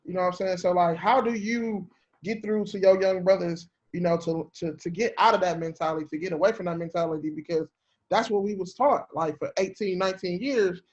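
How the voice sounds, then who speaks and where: A man's voice: sits high, fairly quick. A man hosting a podcast, asking long, loose questions with many fillers in a casual way. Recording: dull lo-fi recording.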